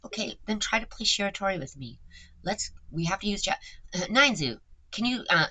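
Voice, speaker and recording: A woman chatting casually with an AI, hesitant and halting, dropping in Japanese words. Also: mid-range voice, expressive, pushed and bright, dry recording. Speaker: chatbot user. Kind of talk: casual chat with an AI.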